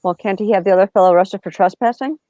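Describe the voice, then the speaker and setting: A woman's voice: medium pitch, very fast, dark tone, dry recording, dull audio. A woman co-hosting a casual movie commentary, making wry joking asides. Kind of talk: casual film commentary chat.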